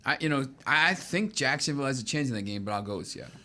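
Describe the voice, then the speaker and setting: A man's voice: mid-range voice, animated, quick pace, pushed and bright. A man co-hosting a sports betting show, sounding weary and hedging his picks in casual chat.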